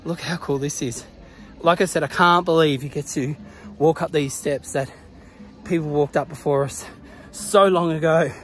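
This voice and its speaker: A man with a fairly high voice talks through a casual travel vlog outdoors, recorded on a handheld camera. He is chatty, laughs often and exclaims as he goes, and he is out of breath from the climb. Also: steady tone, normal speed. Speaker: travel vlogger. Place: outdoors at a hilltop pyramid site.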